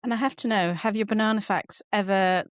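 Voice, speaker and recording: A woman's voice: mid-range voice, fairly even intonation, brisk, no echo, studio quality. A British woman hosting a podcast interview, asking teasing, playful questions. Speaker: host.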